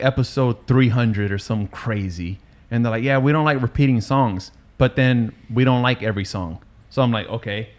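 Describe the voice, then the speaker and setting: A man hosting a podcast, chatting casually and telling stories in loose slang with lots of swearing. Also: medium pitch. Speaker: podcast host and DJ. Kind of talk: casual chat.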